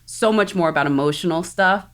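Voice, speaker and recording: Low-voiced woman host from South Texas. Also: a little fast. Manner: enthusiastic, opinionated, laughs often. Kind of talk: casual chat.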